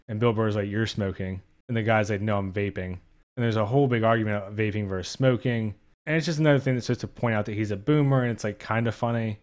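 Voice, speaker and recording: A young man giving a casual spoken movie review, blunt and profane, openly exasperated. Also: lowish voice.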